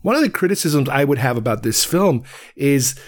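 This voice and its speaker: Man from queens rambling about a movie, casual, keeps restarting sentences, medium pitch. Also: expressive, fairly quick. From Queens, New York. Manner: digressive, restarts thoughts often. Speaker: film reviewer. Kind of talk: casual film commentary.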